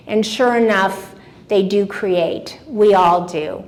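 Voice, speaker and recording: A woman in her seventies giving a lively talk to a seated audience, asking them questions directly. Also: mid-range voice, slow. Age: 70s. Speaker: motivational speaker. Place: event room with a seated audience.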